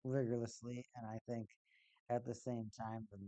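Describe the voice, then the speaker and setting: A man's voice: medium pitch, level tone, moderate pace, mellow, no room sound. A man hosting a live-stream hockey watch party, chatting casually in a rambling, laid-back way and often repeating himself. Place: at home, in a cold room.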